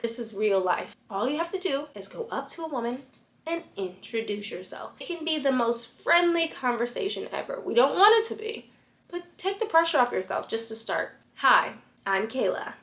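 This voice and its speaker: A woman giving blunt, sassy dating advice straight to camera as a fashion influencer. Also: a little high. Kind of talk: talking-head advice vlog.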